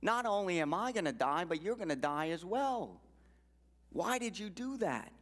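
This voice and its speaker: A man's voice: high voice, big pitch swings, normal speed, fairly bright tone, pitched above the performer's own voice. A man voicing an exasperated fable frog. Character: wary, indignant male frog from a fable. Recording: long reverb in a church hall.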